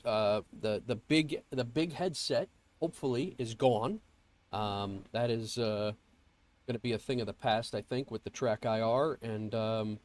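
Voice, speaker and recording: A man streaming a flight sim, chatting casually and greeting viewers, nasal and congested from a cold and rambling with fillers and restarts. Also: medium pitch. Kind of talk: casual livestream chat. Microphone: earbuds mic.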